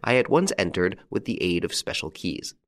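Man as a calm masterful gentleman, courteous, commanding, deep voice. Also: moderate pace.

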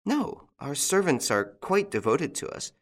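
Anxious and breathless, this frightened young French lady pleads in a raised, lilting voice, as a male audiobook narrator puts her on. Her words are quick and fearful, and her pitch leaps up high whenever she is alarmed. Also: big pitch swings, heavily acted. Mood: earnest. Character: frightened young French woman of a country estate.

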